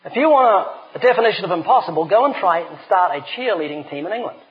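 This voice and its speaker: High-voiced, animated middle-aged preacher. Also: male voice, fast. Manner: animated storyteller, emphatic. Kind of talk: sermon with humorous anecdotes. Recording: dull lo-fi recording.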